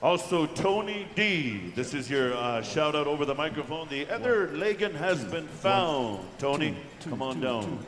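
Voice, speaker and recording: A man working as pow wow announcer, calling out names slowly and drawing them out over a microphone in a large indoor arena. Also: fairly high pitch, animated, a bit bright. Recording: echoey arena PA from far off.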